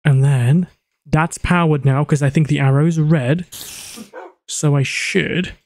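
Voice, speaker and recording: Male gaming host, slightly high voice, playful running commentary with quick outbursts. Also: fairly even intonation, darkish tone. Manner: chatty self-narration, joking, quick exclamations. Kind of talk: let's play commentary.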